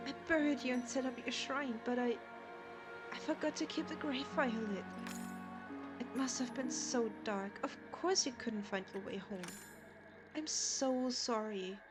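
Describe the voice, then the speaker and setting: A woman reading the lines of a grieving, guilt-ridden father in a soft, slow, sorrowful way. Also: sits high. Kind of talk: reading game dialogue aloud in voices.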